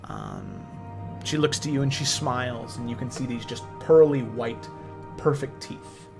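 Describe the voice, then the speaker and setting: Guy running a tabletop game, middle pitched, lots of ums, soft music behind. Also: huge pitch swings, creaky. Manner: descriptive, unhurried, many fillers. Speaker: game master.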